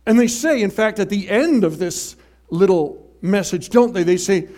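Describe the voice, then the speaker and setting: A man preaching a sermon in an animated, emphatic way, swinging from loud to hushed. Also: high-pitched, normal speed.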